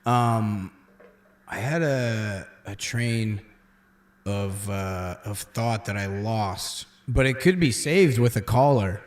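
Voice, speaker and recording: A man's voice: on the low side, expressive, slow. Rambling self-deprecating man, echoey room. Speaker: comedian co-host. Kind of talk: casual late-night chat.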